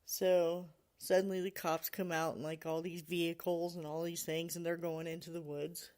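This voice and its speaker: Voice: mid-range voice, little pitch movement, normal speed, darkish tone, clean tone. A podcast host casually retelling a story, full of "you know" and "like," laughing now and then.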